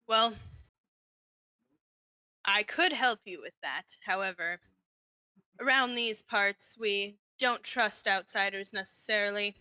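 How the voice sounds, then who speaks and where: A woman's voice: medium pitch, slow pace, long pauses, bright, forceful tone, dry recording. Woman playing a wary tired bartender. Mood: guarded. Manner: guarded, curt.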